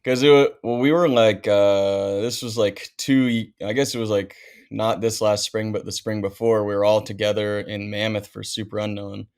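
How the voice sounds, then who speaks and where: A pro skier in his thirties, appearing as a podcast guest, tells stories in a casual, laid-back chat. His low voice has a gravelly rasp, his pace is moderate, and his slangy speech leans heavily on "like" and "dude."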